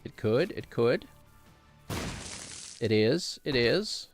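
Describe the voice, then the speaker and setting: A man's voice: mid-range voice, sing-song, slow, faint music behind. A man streaming a game, rambling casually and chuckling at his own jokes. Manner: rambling, chuckling, self-mocking. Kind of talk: casual gaming commentary.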